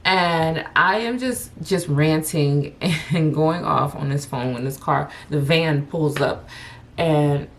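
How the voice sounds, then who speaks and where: Young woman, fairly low voice, animated storyteller, curses freely, faint background hiss. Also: takes it slowly. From Chicago. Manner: animated, laughing, profane storyteller. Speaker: vlogger. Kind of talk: storytime vlog.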